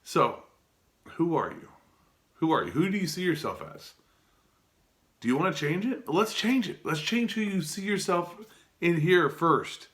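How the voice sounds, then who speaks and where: A man's voice: on the high side, lively intonation, unhurried, pauses often, a bit bright. A man giving an earnest, casual motivational talk to his viewers, often restarting and asking them direct questions. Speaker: self-help vlogger.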